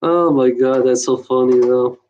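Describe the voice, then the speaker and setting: A woman's voice: extremely low pitch, fairly even intonation, unhurried, mellow, rough recording. A woman in a casual rambling monologue, swearing freely and often breaking into laughter.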